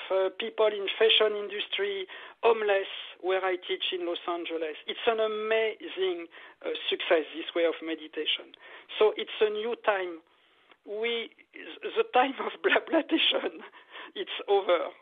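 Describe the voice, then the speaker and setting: Earnest high-voiced man on a tinny phone line. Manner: earnest, repetitive, enthusiastic, non-native phrasing. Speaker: meditation teacher, guest. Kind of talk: interview conversation.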